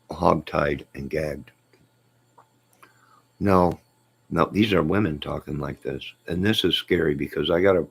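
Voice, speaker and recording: A man's voice: rumbling low, gravelly, slightly rough. A man hosting a casual live stream, reading viewer comments and joking with them in a teasing, chuckling way.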